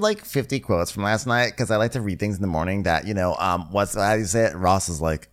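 A man's voice: on the low side, a little fast, few pauses. A man co-hosting a comedy podcast, recapping a reality show with silly puns and running bits. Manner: silly, punning, repeats bits for laughs. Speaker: podcast co-host. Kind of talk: casual comedic recap chat.

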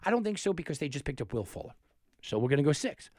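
A man hosting a sports betting talk, animated and thinking aloud, often restarting his sentences. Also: fairly high pitch, fast talker, dry recording, clean studio sound. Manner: animated, talks himself through picks with restarts. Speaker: sports betting show host.

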